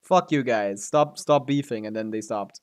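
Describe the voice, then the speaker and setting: A man's voice: mid-range voice, moderate pace, clean tone. A man streaming a video game, commenting casually in a rambling, joking way and laughing often.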